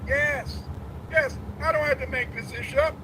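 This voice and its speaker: A man giving a preachy, emphatic livestream lecture who builds to shouts. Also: very high-pitched, steady tone, unhurried. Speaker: guest lecturer. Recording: background noise.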